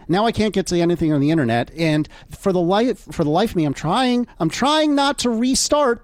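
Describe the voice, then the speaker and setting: A man's voice: high-pitched, no room sound. A man co-hosting a casual podcast, flustered and apologetic, swearing often as he talks. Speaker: podcast co-host.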